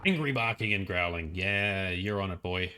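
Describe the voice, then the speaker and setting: A man's voice: sits low, normal speed, pushed and bright, clean tone, soft background music. A young man with an Australian accent, casually commenting while playing a game, playful and chatty. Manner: chatty, playful, laughing often. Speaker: let's play host.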